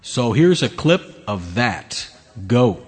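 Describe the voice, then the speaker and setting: A man's voice: medium pitch, big pitch swings, slow, breathy edge, long reverb tail, soft background music. A man hosting his own podcast, ranting bluntly and sarcastically with lots of swearing. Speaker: podcast host. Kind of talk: opinionated solo rant.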